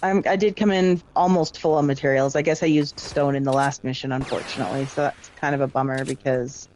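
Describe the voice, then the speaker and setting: A middle-aged woman chatting casually with friends while playing a game, telling stories in a lively, chatty way. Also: very deep voice, brisk, slight background noise. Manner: chatty storytelling, lively retelling of exchanges. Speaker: parent and gamer. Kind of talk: casual chat while gaming.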